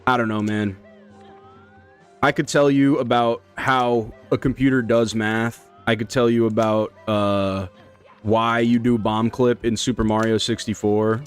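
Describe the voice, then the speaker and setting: A man's voice: medium pitch, flat delivery, unhurried, clean tone, faint music behind. A man chatting casually on a live stream while playing, rambling and slangy. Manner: rambling, slangy, laid-back. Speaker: speedrun streamer.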